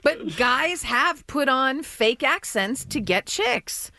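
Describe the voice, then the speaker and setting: A woman's voice: high voice, lively intonation, slow pace, sharp tone, no echo. A woman co-hosting a radio show, teasing and reacting in casual banter.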